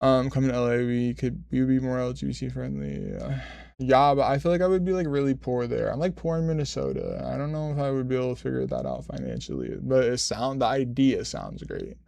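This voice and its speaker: A man's voice: mid-range voice, expressive, fairly quick, gravelly, warm tone, no echo. A twenty-five-year-old man streaming, telling a long story in casual chat, rambling, swearing and correcting himself as he goes. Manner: rambling, profane, self-correcting.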